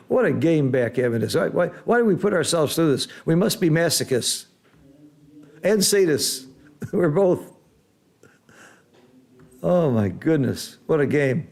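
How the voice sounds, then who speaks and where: A man commenting live on a board game match, reacting loudly to big swings and then explaining the strategy patiently like a teacher. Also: fairly high pitch, moderate pace, pauses often. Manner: excitable, exclaims loudly at big rolls, then explains calmly.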